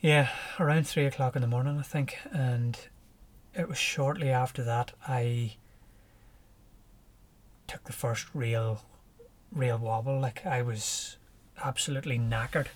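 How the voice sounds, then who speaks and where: A man with a Northern Irish accent, a podcast guest telling his story in a relaxed, lively way and chuckling as he goes. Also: medium pitch, a little slow, long pauses. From Northern Ireland. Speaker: podcast guest, ultra runner. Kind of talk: casual storytelling.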